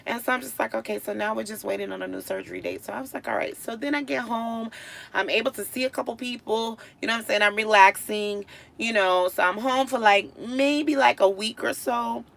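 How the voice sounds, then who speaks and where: A woman live-streaming, casually telling a story to her viewers. She is animated, dropping to low mutters and then rising to loud, exasperated outbursts. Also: a little fast, vocal fry.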